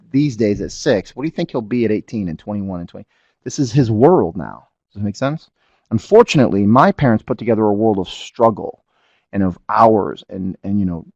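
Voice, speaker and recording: A man's voice: fairly low pitch, no room sound, dull audio. A middle-aged man giving a business webinar, telling a family story and often asking the audience whether it makes sense. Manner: animated storyteller, asks the audience to agree. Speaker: webinar presenter.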